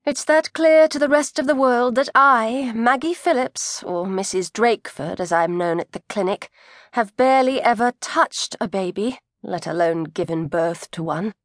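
A woman's voice: fairly high pitch, moderate pace, no room sound, lightly acted. A woman voicing a weary, irritable young pregnant woman with dry, exasperated asides. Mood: wry.

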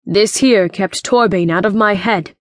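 Woman doing a calm, regretful old male scientist. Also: sits high, moderate pace, dry recording, studio quality. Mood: earnest.

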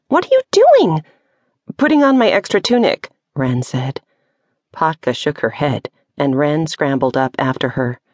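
A woman narrating a children's audiobook in a steady, measured storytelling voice with vivid emphasis, recorded close in a studio booth. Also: low-pitched, no echo. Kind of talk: scripted narration. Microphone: close studio mic.

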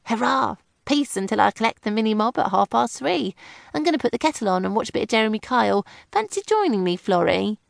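A woman's voice: very animated, quick pace, gravelly, no room sound, clean studio sound, full character voice. A woman voicing a blunt, worn-out young mother, talking belligerently. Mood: cheerful. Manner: belligerent, teasing, high and loud.

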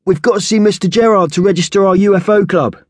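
A man's voice: high voice, fast, no echo, voice pushed up. A man voicing a schoolboy who boasts and snaps defensively. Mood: insistent. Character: eager schoolboy, boastful and snappy.

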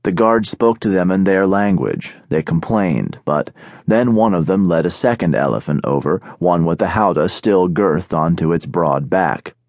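A man narrating an audiobook in a steady, measured storytelling manner, recorded on a studio microphone. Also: low voice, no room sound. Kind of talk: scripted narration.

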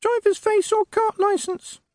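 A man voicing a tiny imp living in a box, answering in a very high, piping voice and parroting what he has been taught. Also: flat delivery, unhurried, dry recording, clean studio sound. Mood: dutiful. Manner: dutiful, parroting.

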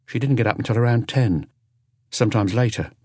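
A hard, unflinching older woman with nothing to hide, as a male narrator puts her on in a raised voice. She answers flatly and bluntly in an audiobook. The sound is close and dry. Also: mid-range voice, brisk, no echo, pitched above the performer's own voice, lightly acted. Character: flat-voiced older woman, ex-convict cleaner.

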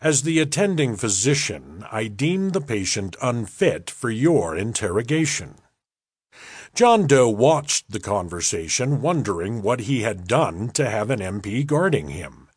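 A man narrating an audiobook in a measured, unhurried storytelling manner, close on a studio mic. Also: medium pitch, big pitch swings, husky, dry recording. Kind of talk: scripted narration.

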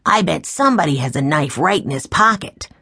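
A woman voicing an eager little boy in a storybook reading, talking fast with breathless excitement. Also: sits low, breathy edge, full character voice. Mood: excited.

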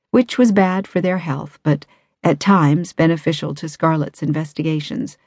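A woman reading a suspense novel aloud in measured, even narration. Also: deep voice, dry recording. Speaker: audiobook narrator. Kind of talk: scripted audiobook narration.

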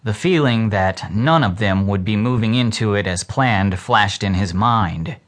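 A man narrating a children's book as an audiobook in a slow, measured reading. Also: fairly low pitch. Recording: loud steady hiss.

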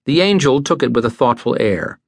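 A man narrating a classic novel as an audiobook, measured and expressive. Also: mid-range voice, creaky, dry recording, clean studio sound.

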